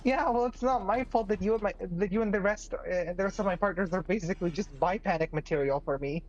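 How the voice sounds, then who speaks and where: A woman's voice: mid-range voice, quick pace, a little mellow. A woman chatting on her partner's game stream, giggly and thoughtful as she explains her points. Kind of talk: casual chat. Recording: slightly dull with faint noise.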